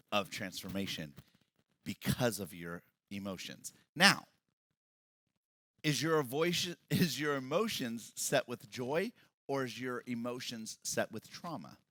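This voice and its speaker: Bright-voiced man preaching with fervor. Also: lowish voice, no echo. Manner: swings from quiet talk to loud shouted preaching. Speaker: pastor. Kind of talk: sermon. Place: church hall with congregation.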